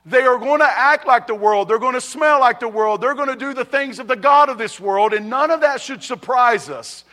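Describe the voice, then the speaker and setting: High-voiced preaching pastor, conversational. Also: male voice, moderate pace, bright, forceful tone. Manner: conversational preaching, asks "you ready?", repeats phrases. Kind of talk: sermon. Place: church sanctuary.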